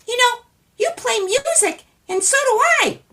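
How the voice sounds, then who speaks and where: A woman storyteller voicing a grumpy wee old man with a long white beard, in a shrill, scolding tone. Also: animated, measured pace, sharp tone, heavily acted. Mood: grumbling.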